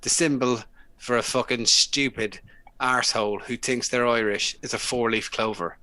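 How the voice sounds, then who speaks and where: A man's voice: mid-range voice, fairly even intonation, moderate pace, bright, forceful tone, no echo, natural voice. A man voicing an angry Irish man ranting online, in a put-on Welsh-style accent, sweary and emphatic. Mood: indignant.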